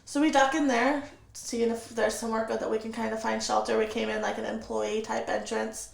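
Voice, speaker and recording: A woman's voice: on the high side, flat delivery, fairly quick, vocal fry, reverberant, rough recording. A woman telling her own story as an interview guest, recounting events steadily and vividly and acting out the dialogue.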